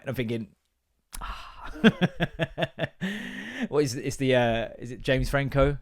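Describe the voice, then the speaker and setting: A man's voice: medium pitch, lively intonation, a little slow, long pauses. A man, hosting a casual comedic podcast monologue in a rambling, swearing, self-mocking way. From England. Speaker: podcast host.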